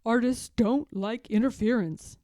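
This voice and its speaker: A woman's voice: fairly high pitch, unhurried, mellow, no room sound, studio quality, lightly acted. A woman voicing a fussy, easily flustered male hippo in a read-aloud picture book, with dramatic exclamations. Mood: huffy.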